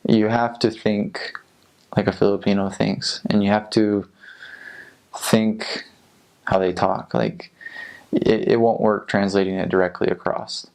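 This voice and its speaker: A young American man, a returned missionary, talking casually in an interview in a relaxed, rambling way with lots of filler words. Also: lowish voice, a little slow, vocal fry, pauses often. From United States.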